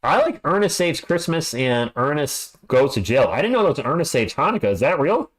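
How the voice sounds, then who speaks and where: A man's voice: a little high, very animated, fairly quick. A middle-aged man doing live play-by-play commentary for a stream, chatty and jokey between calls.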